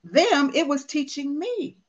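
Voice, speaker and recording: A woman's voice: high-pitched, lively intonation, measured pace, lo-fi sound. An older woman, a motivational speaker, talking candidly and emphatically, acting out her own inner dialogue. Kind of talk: candid conversational talk.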